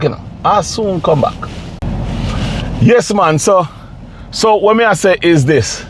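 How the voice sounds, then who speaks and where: A man talking straight to camera, his voice rising and falling a lot and sitting a bit high for a man. He pleads and preaches in a repetitive way, with faint traffic noise outdoors behind him. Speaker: vlogger. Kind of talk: casual direct-to-camera commentary.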